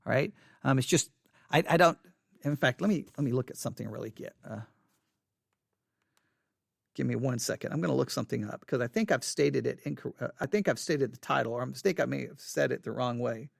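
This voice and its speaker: A man hosting an informal devotional study, talking in a halting way and often repeating and correcting himself. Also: mid-range voice, lively intonation, creaky, no echo, studio quality.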